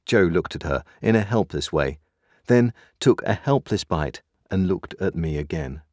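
A man with a very low voice narrates a classic novel with lively, expressive inflection. The recording is dry and close, with no room sound. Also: a little slow, dry recording. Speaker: audiobook narrator. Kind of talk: scripted narration.

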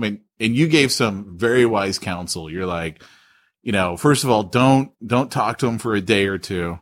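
Animated man on a podcast. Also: lowish voice, moderate pace. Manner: animated, emphatic, says "dude" a lot. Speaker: podcast co-host. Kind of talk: casual chat.

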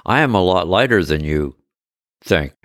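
An eerily cheerful female android companion, chirpy and suggestive, with stiff machine-like phrasing. A man with a very low voice acts her out. The sound is dry and close. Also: lively intonation, moderate pace, fairly bright tone, no echo. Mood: chirpy flirtatious.

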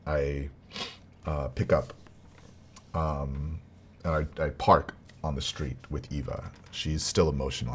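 Man with a very low voice, earnest rambling vlog story, restarts and soft laughs. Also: slight background noise. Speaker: vlogger, father. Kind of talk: casual personal storytelling.

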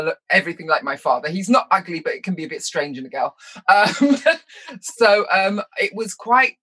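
A middle-aged woman telling stories from her childhood in an interview. She is lively and self-mocking, laughs often, and slips into quick impressions. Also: fairly low pitch. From London, England. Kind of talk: personal storytelling in conversation.

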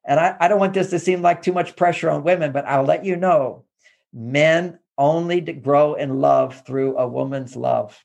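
A man's voice: fairly high pitch, normal speed, creaky, a little mellow. A man from Texas, a therapist and relationship author, talking casually and animatedly, often acting out quoted phrases. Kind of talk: casual advice talk.

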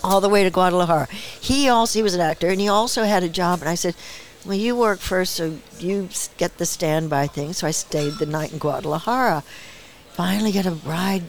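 A woman in her seventies, a guest actress and director, telling stories in a relaxed interview and acting out the voices she quotes, with frequent laughter. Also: fairly low pitch, a little fast, slight background noise. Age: 70s. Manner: lively storyteller who acts out quoted voices, laughs often. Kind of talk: casual interview storytelling. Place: small bar.

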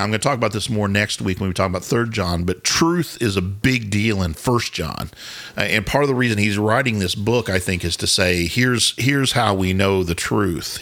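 A man's voice: fairly low pitch, vocal fry, fairly bright tone. A man co-hosting a podcast, explaining Bible words in a casual teaching chat, often restarting his sentences and quizzing his co-host.

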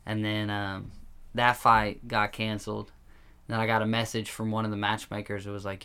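Young male fighter, bright voice, loose casual storyteller, swears freely. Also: lowish voice, little pitch movement, moderate pace, clear, resonant tone. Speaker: guest, pro kickboxer. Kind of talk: casual podcast chat.

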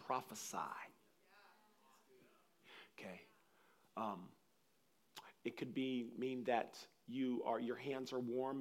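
A man preaching a sermon, telling personal stories in a rambling, animated way, with frequent restarts. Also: mid-range voice. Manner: animated, acts out scenes with loud laughter and shouts; rambling, restarts sentences often.

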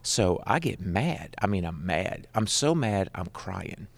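A middle-aged man, a Christian rock musician, telling his personal testimony in an animated, conversational way. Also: sits low, a little slow, vocal fry. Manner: animated, conversational, leans on "right?".

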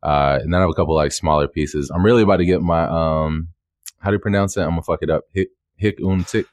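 A man with a very deep voice, talking easygoing and slangy as a podcast guest. The sound is dry and close, with no room around it. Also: steady tone, fast talker, no room sound. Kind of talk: casual chat.

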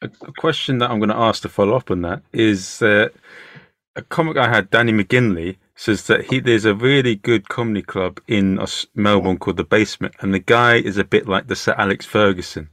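A man's voice: lowish voice, a little fast, a bit bright, dry recording, studio quality. A man hosting a podcast interview, asking chatty, stumbling questions. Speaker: podcast host. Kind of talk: casual interview chat.

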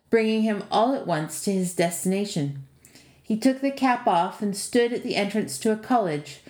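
Brief: woman podcast narrator, lilting fairy-tale delivery, roomy recording. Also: lowish voice. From Canada. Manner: lilting, expressive storytelling. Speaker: storyteller and podcast author. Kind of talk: scripted fantasy narration. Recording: echoey room.

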